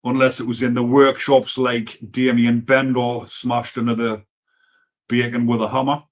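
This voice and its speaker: A man's voice: mid-range voice, little pitch movement, normal speed. A man with a Geordie accent hosting a casual live stream, reading viewer comments and talking bluntly, with frequent swearing and rambling asides. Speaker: livestream host reading comments.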